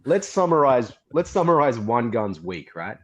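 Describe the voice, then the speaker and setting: A man's voice: mid-range voice, very animated, normal speed. A man recapping events on a livestream and mocking the people he quotes. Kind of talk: casual livestream commentary. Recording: muffled lo-fi stream audio.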